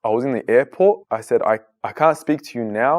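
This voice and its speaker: A man's voice: medium pitch, fairly quick. A man in his thirties, a guest in an interview, telling his personal story in an earnest, conversational way with lots of casual fillers. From Australia. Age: 30s.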